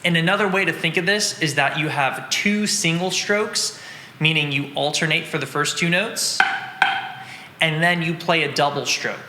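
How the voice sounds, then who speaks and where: A man's voice: fairly high pitch, pushed and bright, reverberant, in a large hall, a little hiss or hum. A man teaching drums, patiently explaining and counting out strokes in an instructional lesson. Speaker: drum teacher.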